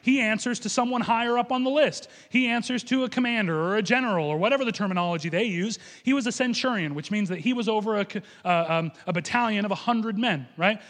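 A man's voice: high-pitched, quick pace, few pauses, a bit bright, long reverb tail. A man preaching a sermon, reading scripture aloud and acting out the people in it. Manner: quotes scripture aloud and acts out the speakers in it.

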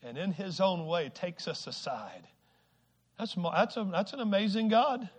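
High-voiced preacher swinging hushed to loud. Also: male voice, expressive, moderate pace. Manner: swings from hushed to shouting exhortation, repeats words; acts out quoted people with sudden shifts. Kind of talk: sermon.

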